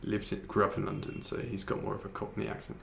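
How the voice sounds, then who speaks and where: A man's voice: on the low side, completely flat delivery, quick pace, vocal fry, a bit bright. A man hosting a live online English lesson, chatting casually with a co-host and reading out viewers' questions. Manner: chatty, switches to Korean to explain. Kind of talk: casual teaching chat.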